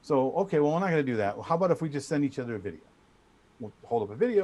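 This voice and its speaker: A middle-aged man telling a story as a guest in a casual chat, animated and full of restarts. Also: on the high side, very fast. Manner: animated, trash-talking storyteller with many restarts. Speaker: guest speaker.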